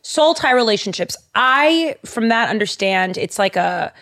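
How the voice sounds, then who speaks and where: A woman's voice: fairly high pitch, animated, a little slow, fairly bright tone. A woman hosting a podcast in casual chat, giggly and gushing, with many fillers, recorded in a studio. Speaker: podcast host. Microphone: studio microphone.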